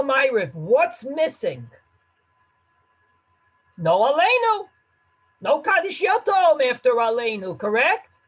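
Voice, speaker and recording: A man teaching a lively class as a rabbi, quizzing and teasing his listeners as he explains. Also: very high-pitched, rough recording. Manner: animated, quizzes and teases the listeners.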